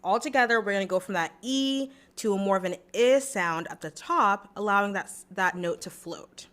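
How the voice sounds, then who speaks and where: Young woman voice coach walking you thru a riff, chatty and encouraging, sings little demo notes, mid pitch. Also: moderate pace, fairly bright tone. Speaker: vocal coach. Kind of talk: singing lesson, demonstrating.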